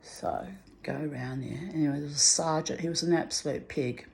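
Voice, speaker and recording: A middle-aged woman telling a personal anecdote in an animated way, acting out the dialogue. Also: deep voice, a little fast, gravelly. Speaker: storyteller.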